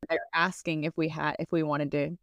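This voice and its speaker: Female co-host, lower voice, dry close mic, chatty and loose. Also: flat delivery, moderate pace, dry recording. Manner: chatty, searches for words, laughs often. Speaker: podcast co-host. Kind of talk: casual chat.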